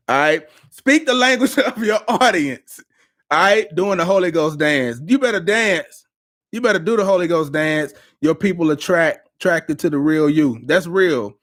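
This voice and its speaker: A man's voice: a little high, fairly bright tone. A man coaching business owners on a live stream, emphatic and preachy, repeating his phrases for effect. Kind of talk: live-stream pep talk. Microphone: live-stream mic.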